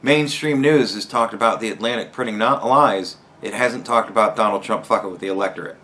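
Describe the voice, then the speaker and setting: A young man hosting a podcast, ranting heatedly with constant swearing and rising to shouts. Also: fairly low pitch, a little fast. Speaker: podcast host. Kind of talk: profane rant commentary.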